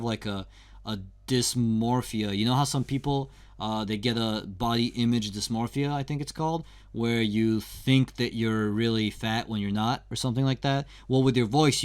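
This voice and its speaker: Laid-back man giving a candid singing lesson. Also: medium pitch. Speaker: singing teacher.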